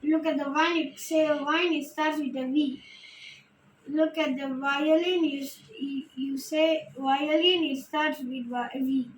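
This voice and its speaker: Slow, high-voiced woman reading phonics. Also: fairly even intonation, slight background noise. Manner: slow, careful word-by-word reading with restarts. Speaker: reading teacher. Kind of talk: slow phonics lesson and read-aloud. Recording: echoey room.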